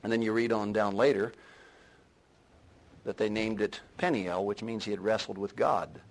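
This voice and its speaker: A man preaching a sermon, swelling to loud emphatic lines and then dropping to a low, quiet delivery. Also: normal speed, creaky, low-quality recording. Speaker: pastor.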